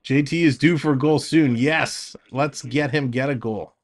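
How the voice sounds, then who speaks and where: A man's voice: mid-range voice, moderate pace. A man streaming live hockey play-by-play, calling the action in short bursts and chatting with viewers between plays.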